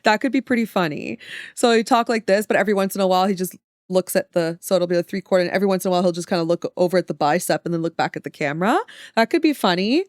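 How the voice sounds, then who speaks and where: A woman's voice: on the low side, racing, no echo, clean studio sound. Chatty, playful woman streamer. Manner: chatty, playful, mock-dramatic. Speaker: streamer and artist. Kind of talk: casual livestream chat.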